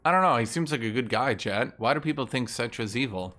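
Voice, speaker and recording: A man giving casual, ranting gameplay commentary, animated and profane, as a content creator. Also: mid-range voice, fairly quick, hardly any pauses.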